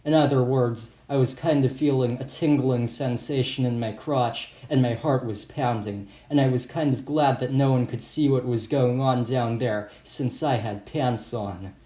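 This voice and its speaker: A man's voice: medium pitch, a little slow, hardly any pauses, warm tone. A man reading his own first-person story as an audiobook in a plain, matter-of-fact way. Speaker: author and narrator. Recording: roomy echo.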